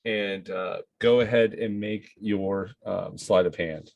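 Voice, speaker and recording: A man narrating as game master of a tabletop game, halting with many fillers and frequent laughter. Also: lowish voice, steady tone, gravelly, darkish tone, dull audio, slight background noise.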